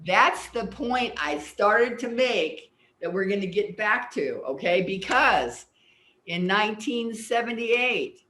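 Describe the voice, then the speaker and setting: A woman's voice: medium pitch, expressive, slow, fairly bright tone, slight background noise. An older woman, a guest on an interview show, earnestly explaining ideas and telling personal stories, sometimes repeating words as she recalls. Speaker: guest, personal development teacher. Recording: roomy echo.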